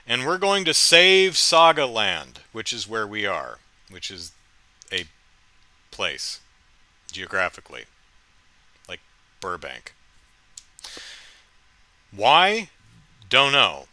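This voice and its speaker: A man's voice: medium pitch, sharp tone, dry recording. A man hosting a casual solo podcast, recapping with wry, amused storytelling into a close mic. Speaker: podcast host.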